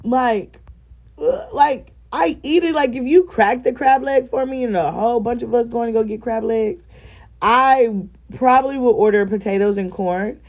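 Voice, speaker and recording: Animated woman vlogging to her viewers. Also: on the high side, normal speed, highs cut off. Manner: animated, expressive, talks straight to her viewers. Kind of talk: casual vlog chat to viewers.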